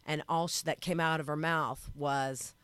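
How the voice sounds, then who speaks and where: A woman comedian telling a story as a talk show guest, swinging between hushed asides and loud outbursts. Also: low voice, steady tone, a little slow, clean tone, no room sound. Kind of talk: animated storytelling.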